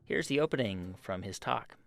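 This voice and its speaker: Lively, gravelly-voiced radio host. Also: male voice, on the low side, moderate pace, soft background music. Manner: conversational, probing. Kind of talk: radio interview and narration.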